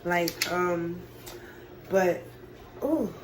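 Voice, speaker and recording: A woman's voice: lowish voice, lively intonation, very slow, background noise. Young woman swearing through a storytime vlog. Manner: casual, profane, talks to viewers as y'all. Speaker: vlogger.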